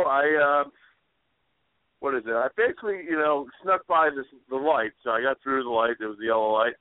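A man's voice: fairly high pitch, no room sound. A man hosting a casual talk show, telling weary complaints about his bad day. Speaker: radio host. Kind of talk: casual podcast chat. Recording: thin phone-like dry sound.

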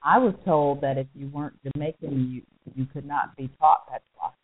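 A man's voice: medium pitch, moderate pace, breathy edge. A man hosting an interview, asking questions and dropping in short friendly remarks. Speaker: host. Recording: phone-like tinny line.

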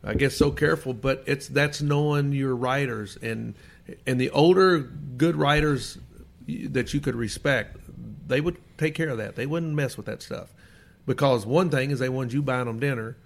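A man's voice: medium pitch, normal speed, gravelly. An older man from Kentucky telling folksy anecdotes in a casual chat, acting out voices as he goes. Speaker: guest, former pro baseball player.

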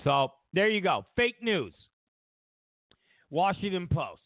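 A man's voice: sits high, big pitch swings, takes it slowly, no echo. A man hosting a talk radio show, ranting and mocking as he delivers a monologue. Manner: mocking, ranting, acts out both sides of conversations. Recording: tinny, phone-like radio sound.

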